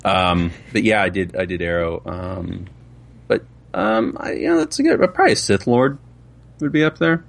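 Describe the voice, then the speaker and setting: Man, lively gravelly voice, laughs easily, guest voice actor in chat. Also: deep voice, moderate pace. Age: adult with children. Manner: animated, laughs often. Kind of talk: casual interview chat.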